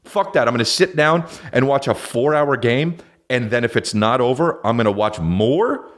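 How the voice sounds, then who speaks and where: A man's voice: medium pitch, expressive, normal speed, a bit bright. A man hosting a podcast, ranting casually with heavy profanity, rambling and restarting his sentences. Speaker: podcast host. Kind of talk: casual comedic rant.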